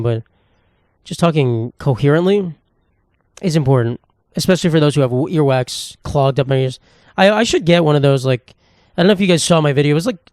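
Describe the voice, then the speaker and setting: A man's voice: a little high, a little mellow, dry recording, studio quality. A man in his twenties hosting a solo podcast, rambling with crude, self-mocking humor. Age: 20s. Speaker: podcast host. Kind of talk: casual solo podcast monologue. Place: indoor room, at a table.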